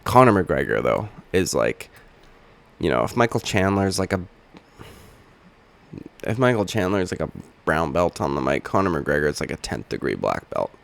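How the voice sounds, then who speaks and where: A young man hosting a casual reaction vlog, hoarse from just waking up, with a rambling, profane, wisecracking way of talking. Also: rumbling low, big pitch swings, moderate pace, long pauses. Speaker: channel host.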